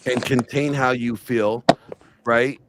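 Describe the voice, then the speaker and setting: A man on a casual streamed discussion, explaining his point slowly with many fillers and restarts. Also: mid-range voice, steady tone, heavy background noise. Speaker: panelist in a stream debate.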